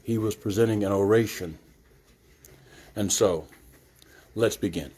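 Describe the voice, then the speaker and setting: An older man, a reverend, speaks to a gallery audience before a reading. He talks slowly and deliberately, setting things up step by step. His voice is mellow and dark. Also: fairly low pitch, husky. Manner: measured, deliberate, explanatory. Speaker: reverend and retired judge introducing a reading. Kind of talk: live introduction to an audience.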